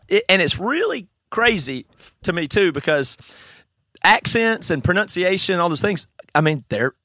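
A man with a Southern US accent, talking in casual conversation, opinionated and animated, laughing often. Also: on the high side, dry recording. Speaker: conference guest.

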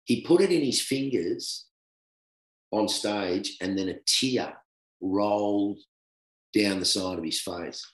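A middle-aged Australian man, a former cricketer, telling a long anecdote in a casual, animated way, often laughing. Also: on the low side, slow pace, long pauses. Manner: animated, laughing storyteller who acts out quoted voices. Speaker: former cricketer, guest storyteller. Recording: roomy echo.

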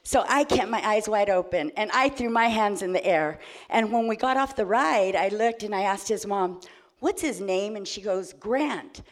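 A woman's voice: medium pitch, normal speed. A woman telling a personal story to an audience, laughing often and acting out the dialogue. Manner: animated, laughing, acts out dialogue.

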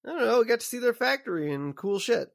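A man co-hosting a podcast, recapping a cartoon episode in casual chat with animated, storytelling delivery. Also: very high-pitched, gravelly. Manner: animated storytelling, quick asides. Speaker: podcast co-host.

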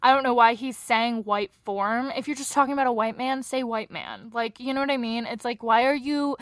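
Tired young woman gabbing about a true crime case, kinda high voice, dry close mic. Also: fairly quick, dry recording. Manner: chatty and animated, reads out quotes, laughs often. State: tired from little sleep. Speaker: podcast co-host telling a true crime case. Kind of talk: casual true crime chat.

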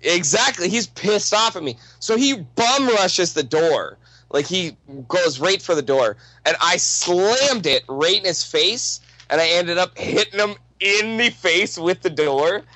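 A man's voice: sits high, lively intonation, measured pace, sharp tone, dry recording, poor audio. A young man casually telling a rambling, profanity-laced anecdote, full of restarts and asides.

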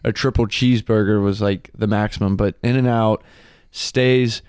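A young man in his twenties chats casually as a podcast co-host, joking and excitable, swearing freely. His voice is smooth and resonant, recorded dry and close with no room sound. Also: lowish voice, normal speed, no room sound. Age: 20s. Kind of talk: casual chat.

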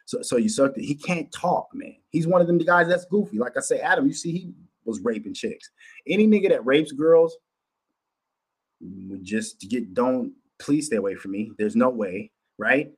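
A man's voice: mid-range voice, expressive, moderate pace, breathy edge. A man from Minnesota hosting a livestream, talking bluntly and profanely in a loose, repetitive monologue. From Minnesota, USA. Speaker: livestream host.

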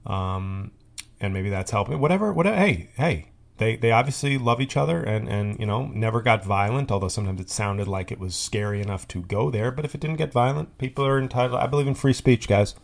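A man's voice: fairly low pitch, fairly quick, vocal fry. A man hosting a podcast, telling a rambling comic monologue full of tangents, fillers and restarts. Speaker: podcast host. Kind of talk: comedic monologue.

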